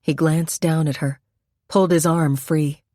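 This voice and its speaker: A woman's voice: deep voice, steady tone, measured pace, mellow, no echo, studio quality. A woman narrating a suspense audiobook in a tense, dramatic reading.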